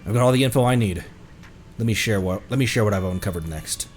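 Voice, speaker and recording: A man's voice: fairly low pitch, quick pace, a little mellow, slight background noise. A male streamer reading game dialogue aloud in a playful way. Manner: playful, voices the characters.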